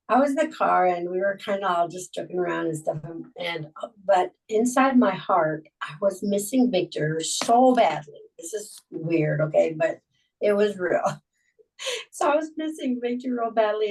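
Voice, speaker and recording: A woman's voice: mid-range voice, darkish tone. Distant-sounding woman on a video call. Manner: halting, with many fillers and restarts. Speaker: Bible study group member. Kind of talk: casual personal sharing.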